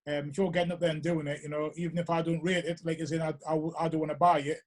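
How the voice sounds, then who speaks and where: Fast-talking Geordie man, casual host. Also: on the high side, level tone. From North East England. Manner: rambling, hesitant, full of restarts and "you know". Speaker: podcast host. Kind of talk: casual interview chat.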